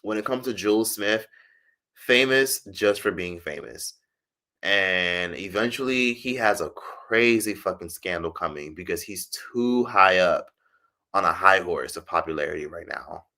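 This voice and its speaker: American man, lowish bright voice, casual profane streamer who laughs and answers chat. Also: measured pace. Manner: chatty, profane, laughs often, mimics others in high voices. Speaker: streamer reading live chat. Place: indoors in Algeria.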